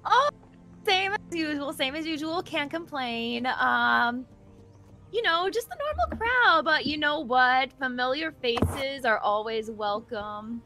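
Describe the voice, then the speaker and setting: Bright, high-voiced woman player. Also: animated, takes it slowly, soft background music. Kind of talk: tabletop role-play.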